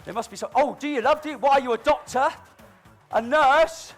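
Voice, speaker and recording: Soft music plays behind a man who talks a little fast as he teases an audience member during a live balloon-modelling comedy act on stage. His cheeky, mock-dramatic banter shifts between loud announcements and quiet asides.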